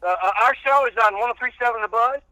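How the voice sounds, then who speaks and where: A man, chatting casually as a guest on a podcast, folksy and halting with many fillers. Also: very high voice, bright, forceful tone, no room sound, low-quality recording. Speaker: radio host and guest.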